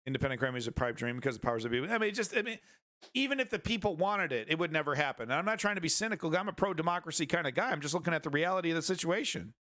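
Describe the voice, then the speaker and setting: A man's voice: fairly high pitch, expressive, very fast, pushed and bright, dry recording, clean studio sound. Rambling, crude-joking male stream host. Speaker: streaming news show host. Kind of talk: casual live-stream commentary.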